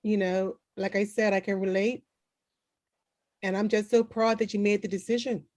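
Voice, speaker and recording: A woman's voice: mid-range voice, level tone, normal speed, darkish tone, dry recording, clean studio sound. A woman hosting an interview, soothing and reassuring, answering with short affirmations. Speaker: podcast host. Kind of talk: supportive interview chat.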